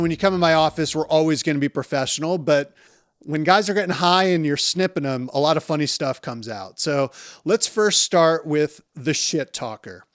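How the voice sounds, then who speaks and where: A man's voice: fairly high pitch, clear, resonant tone, dry recording, clean studio sound. Laughing, candid male doctor. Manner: laughs while telling stories, casual and candid. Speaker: urologist. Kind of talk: storytelling to camera.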